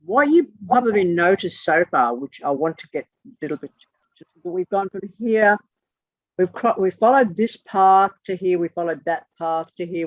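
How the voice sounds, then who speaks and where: A teacher with a mid-range voice leads a video-call lesson, pausing on each term to spell it letter by letter. The language is blunt and at times profane. Audio quality is lo-fi and muffled, close and dry, with no echo.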